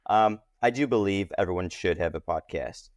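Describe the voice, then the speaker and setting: A man speaking as a podcast guest in a casual interview, talking animatedly with lively jumps in pitch. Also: normal speed, no echo, clean studio sound.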